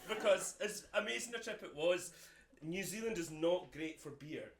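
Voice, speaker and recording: Casting: Scottish male guitarist, lively pitch, telling a comic onstage story in an echoey room with an audience. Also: moderate pace, gravelly, crowd noise. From Scotland. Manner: animated, exasperated storytelling with laughter. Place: live house concert. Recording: roomy live venue with audience.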